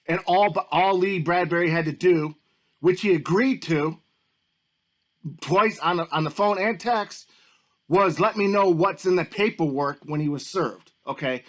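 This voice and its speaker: High-voiced man in an angry, profane rant. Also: moderate pace, fairly bright tone. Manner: profane, agitated, repetitive. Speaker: YouTube commentator. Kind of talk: angry ranting commentary.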